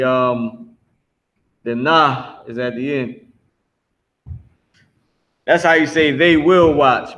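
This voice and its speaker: A man teaching a live online language class, drawing out drilled words slowly and talking bluntly. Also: on the high side, fairly bright tone, rough recording. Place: Philadelphia.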